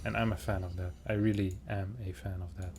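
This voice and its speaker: A man casting a strategy game match in a chatty, joking way, reacting fast to the play. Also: low voice, level tone, background noise. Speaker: esports caster. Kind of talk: casual game commentary.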